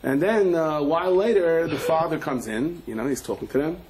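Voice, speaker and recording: A middle-aged man, a rabbi, giving a sermon full of animated, rapid storytelling. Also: on the high side, a little hiss or hum.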